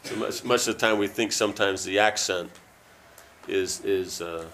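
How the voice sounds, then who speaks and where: A man reading a book aloud and breaking off into loose, halting asides full of fillers. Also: lowish voice, fairly even intonation, a bit bright, slight background noise. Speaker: reader.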